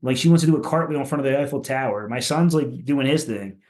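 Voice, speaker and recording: A man from Philadelphia talks as a podcast guest in casual chat. He rambles loosely, swears freely and leans on filler words. His voice sits at an average pitch for a man. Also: fast talker, darkish tone. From Philadelphia, USA. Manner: rambling, profane, many "like" fillers. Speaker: podcast guest, punk musician.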